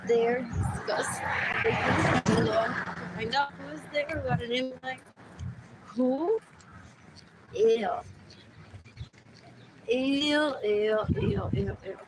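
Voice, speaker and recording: A woman hosting a live stream, rambling on in a monologue, repeating herself, dropping in Spanish words and now and then breaking into shouts. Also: fairly high pitch, slow, long pauses. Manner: repetitive, keeps asking "what else?", bursts into shouts. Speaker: livestream host. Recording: loud background noise.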